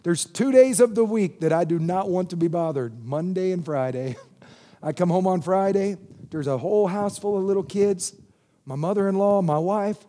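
A man's voice: high-pitched, normal speed, warm tone. A middle-aged man, a pastor, preaching a sermon and having the congregation repeat phrases back to him. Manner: call-and-response preaching, asks congregation to repeat.

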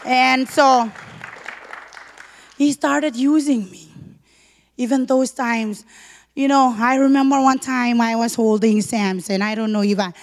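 A woman preaching a fervent sermon testimony, leaning on repeated emphasis and sometimes breaking into shouted praise. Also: fairly high pitch, unhurried, long pauses, a faint crowd. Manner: leans on repeated emphasis words.

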